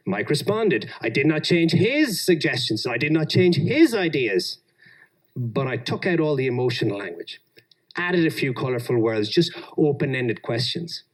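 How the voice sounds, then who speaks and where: A man's voice: medium pitch, moderate pace. An Australian man giving a talk on engineering leadership, telling workplace stories and acting out the people in them. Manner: animated, acts out quoted people. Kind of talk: storytelling conference talk.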